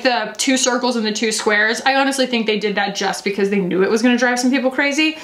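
A woman chatting casually as a beauty vlogger, animated and often laughing, alone in a room talking to a camera. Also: fairly high pitch, echoey room. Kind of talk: casual makeup review vlog.

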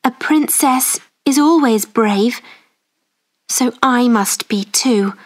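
A woman voicing a poor, brave young girl in a storybook, speaking quietly and earnestly. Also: on the high side, takes it slowly.

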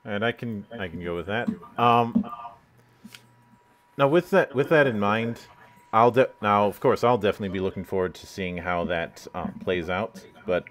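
A man's voice: fairly low pitch, normal speed, a bit bright. A man hosting an interview over a video call, hesitant and full of fillers, swearing casually. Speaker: interview host.

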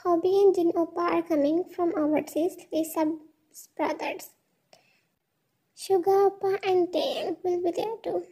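A woman reading the lines of a loud, demanding young woman friend in a fan fiction story. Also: very high-pitched, steady tone, unhurried. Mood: bossy. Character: bossy young woman friend throwing a party.

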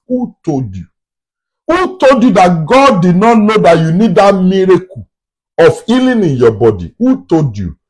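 A man's voice: high voice, a little mellow. A man preaching a sermon, emphatic and fond of repeated rhetorical questions.

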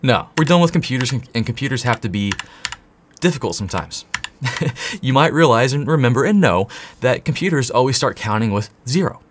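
A man teaching coding in an excitable, jokey tutorial, talking straight to the viewer. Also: medium pitch, fairly quick, a little hiss or hum. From United States. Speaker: coding instructor. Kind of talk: enthusiastic tutorial.

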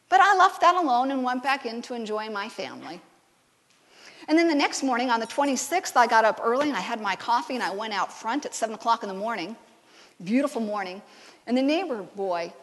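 Woman preacher, high-pitched and highly animated, banters with her congregation; recorded with long church hall reverb. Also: brisk. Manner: lively storytelling, banters with the congregation. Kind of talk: conversational sermon. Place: church sanctuary.

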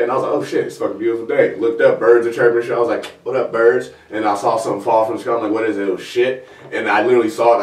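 A man hosting a comedy talk show, telling stories casually and acting out the voices of the people in them. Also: on the low side. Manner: animated, acts out the voices in his stories, laughs. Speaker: comedian host. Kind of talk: casual storytelling chat. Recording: roomy sound from a distant mic.

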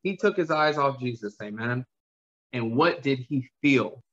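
A man's voice: mid-range voice, lively intonation, a little slow, fairly bright tone. A man preaching a sermon with passion, repeating phrases and asking his congregation to answer back. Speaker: pastor. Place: church. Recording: dull lo-fi sound.

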